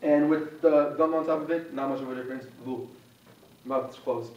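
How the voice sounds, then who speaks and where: A young adult Quran recitation teacher runs a university pronunciation class in a meeting room, informally and patiently modeling sounds for students over and over. He speaks briskly in a slightly high, steady voice, picked up by a distant, muffled mic in an echoey space.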